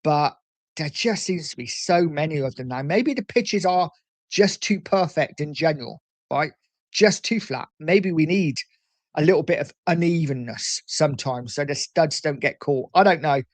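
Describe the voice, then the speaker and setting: A man's voice: fairly high pitch, animated, moderate pace, dry recording. A man hosting a casual football livestream, chatting with viewers, reading out their comments and calling them mate. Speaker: livestream host reading chat. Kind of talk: casual chat.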